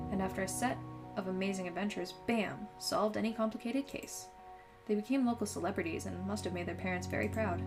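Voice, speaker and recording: A young woman playing through a story game, reading its text aloud with chatty, laughing asides. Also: mid-range voice. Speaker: gaming channel host. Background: game music.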